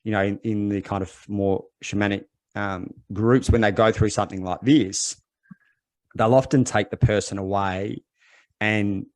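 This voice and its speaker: Deep-voiced man, thoughtful podcast guest. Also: fairly even intonation, a little mellow, dry recording. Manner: thoughtful, halting, many fillers and restarts. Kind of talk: reflective conversational interview.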